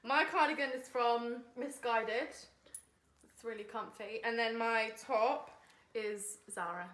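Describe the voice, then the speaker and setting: A woman's voice: a little high, steady tone, slow, a bit bright. A woman, telling stories and laughing in a casual chat as a guest. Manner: chatty, laughing storyteller. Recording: roomy echo.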